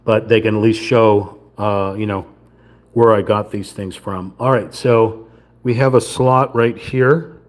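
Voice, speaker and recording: A man's voice: on the low side, fairly even intonation, a little slow. A man giving a casual running commentary while he builds a wooden model kit on a live stream, muttering the steps to himself as he works. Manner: mutters step by step to himself while handling small parts.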